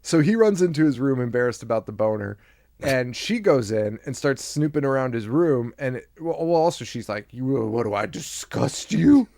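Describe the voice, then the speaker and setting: A man co-hosts a casual podcast and talks through a film scene by scene. He swears freely and laughs a lot, and his voice has a gravelly edge. The pitch moves around a great deal, and the sound is dry and close. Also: lively intonation, moderate pace, darkish tone, dry recording. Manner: laughing, loose and profane, acts out quotes. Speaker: podcast co-host. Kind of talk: casual chat recapping a film.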